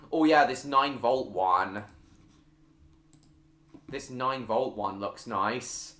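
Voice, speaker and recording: A man's voice: lowish voice, fairly bright tone, reverberant. A man hosting a live stream, chatting casually with viewers and reading out their comments, with frequent fillers and restarts.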